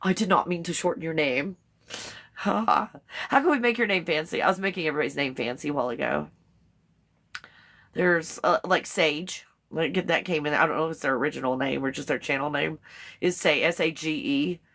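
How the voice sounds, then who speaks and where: A woman's voice: low-pitched, brisk, a bit bright. A woman hosting a casual live stream, chatting with viewers, reading their comments aloud, laughing often and spelling out some words letter by letter.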